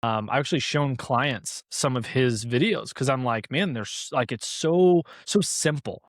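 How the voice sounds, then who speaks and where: Man, podcast host, casual and chatty, mid-pitched voice, dry close recording. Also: measured pace, no room sound. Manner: casual, chatty, many fillers and restarts. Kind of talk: podcast interview conversation.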